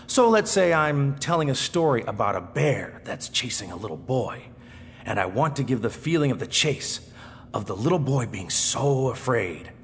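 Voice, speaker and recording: A man teaching how to tell stories, demonstrating with his voice as he goes, from fast and excited to slow and hushed. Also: mid-range voice. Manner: expressive, shifting between fast excited and slow hushed delivery. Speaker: storytelling teacher. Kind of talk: instructional talk with dramatic demonstrations. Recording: echoey hall with faint noise.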